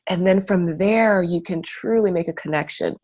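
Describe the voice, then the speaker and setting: Woman, interview guest; low-ish voice, earnest reflective storytelling, loose and filler-heavy. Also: moderate pace, darkish tone.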